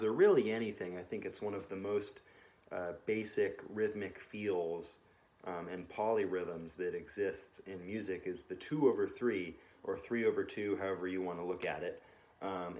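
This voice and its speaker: A young man giving a relaxed music lesson from his couch at home, often pausing with ums and uhs and counting beats aloud. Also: low voice. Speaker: music teacher. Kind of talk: casual instructional talk. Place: home living room, on a couch.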